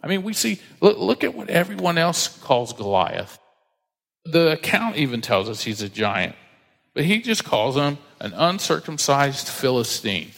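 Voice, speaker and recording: A man's voice: a little high, sing-song, a little slow, vocal fry, a bit bright, in a large hall. A married man with children preaching a sermon, reading scripture aloud and acting out the voices of the people he quotes. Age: adult, married with children. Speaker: pastor.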